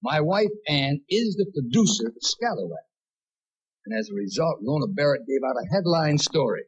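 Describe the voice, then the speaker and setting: A man's voice: fairly high pitch, lively intonation, normal speed, slightly rough, poor audio. A man as guest of honor at a comedy roast, telling wry self-mocking jokes in a vintage television broadcast recording. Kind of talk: stand-up roast speech.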